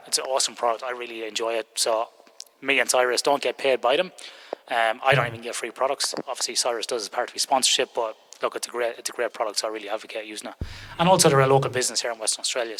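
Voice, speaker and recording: A middle-aged man runs a relaxed podcast chat, teasing and joking with his guests. He talks at a fast clip. His voice is bright and forceful. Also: medium pitch. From Ireland. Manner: joking, teasing, quick and chatty. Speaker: podcast host. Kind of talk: casual interview chat.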